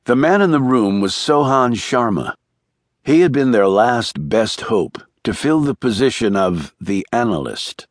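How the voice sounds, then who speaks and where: A man narrating a thriller audiobook in a measured, even storytelling manner. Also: on the low side, no echo, clean studio sound.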